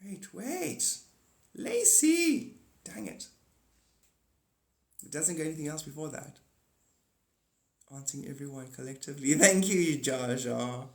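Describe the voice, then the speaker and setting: A man's voice: medium pitch, normal speed, long pauses, fairly bright tone. A man hosting a livestream, rambling through a monologue and answering chat comments aloud. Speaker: livestream host. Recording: echoey room.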